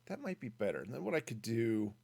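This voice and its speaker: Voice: mid-range voice, very animated, fast, vocal fry, a little mellow. A streamer casually thinking aloud while building in a game, reading and answering chat as they go. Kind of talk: casual gaming stream commentary.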